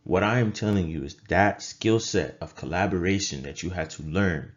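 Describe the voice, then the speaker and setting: Deep-voiced man giving an emphatic coaching talk. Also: normal speed, muffled recording. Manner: emphatic, repeats phrases for effect. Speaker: trading coach and critical care nurse. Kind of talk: motivational talk to camera.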